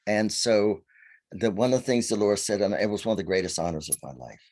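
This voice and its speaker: A man's voice: fairly low pitch, brisk. A man from Virginia, a guest telling stories animatedly on a video call. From Virginia, USA. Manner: animated storyteller, acting out quotes. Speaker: guest, faery seer. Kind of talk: storytelling in a conversation.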